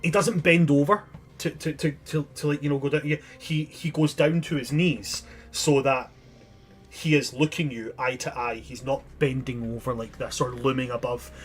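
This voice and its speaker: A man's voice: mid-range voice, fairly even intonation, normal speed. A man narrating a tabletop game as game master, descriptive and chatty with frequent restarts.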